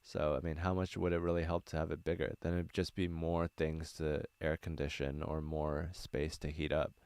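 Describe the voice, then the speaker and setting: A young man talks in a low, smooth voice, wandering through his answers with plenty of ums and uhs. He sounds earnest and off-the-cuff as he chats with viewers. The sound is dry and close, recorded inside a small van. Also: little pitch movement, normal speed, darkish tone, dry recording. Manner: rambling, filler-heavy, earnest. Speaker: stand-up comedian. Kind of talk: casual livestream Q&A.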